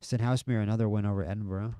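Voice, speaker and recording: Male game streamer with a low, smooth voice, chatty live match commentary, excitable at big moments. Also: rapid-fire, dry recording, studio quality. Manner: chatty, excitable at near misses and goals.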